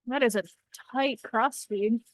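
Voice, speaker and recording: A woman's voice: fairly high pitch, a little slow, no echo, low-quality recording. A woman filming with a handheld camera in an indoor workshop, chatting playfully and correcting herself as she shows off cut stones by a rock saw. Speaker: lapidary shop co-host filming. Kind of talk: casual chat while demonstrating.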